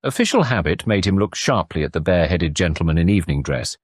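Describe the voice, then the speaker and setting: A man narrating a classic detective audiobook in measured storytelling. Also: low voice, lively intonation, dry recording, studio quality. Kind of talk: scripted narration.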